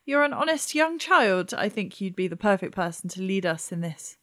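A woman playing a tabletop game in character, talking in a playful, teasing, drawn-out way. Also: mid-range voice, sing-song, fairly bright tone. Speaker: player. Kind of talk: tabletop role-play, in character.

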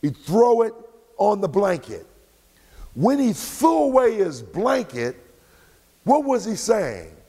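A male pastor preaching a sermon in a church sanctuary, swinging between shouts and drawn-out words. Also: high-pitched, big pitch swings, husky, big-room sound.

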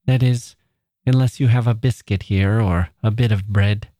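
A man voicing a frail, proud woman writer who speaks humbly and gently but will not yield. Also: on the low side, steady tone, moderate pace, no echo, clean studio sound, natural voice. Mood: gentle, earnest.

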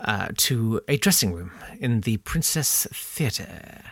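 Animated man telling comic history. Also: lowish voice, slow pace, no room sound, studio quality. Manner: animated, theatrical, giggly. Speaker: podcast co-host.

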